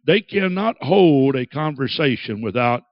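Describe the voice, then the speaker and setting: A man preaching a sermon, dramatic and acting out quoted voices with big swings in pitch. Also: animated, unhurried, no echo, lo-fi sound. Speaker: pastor.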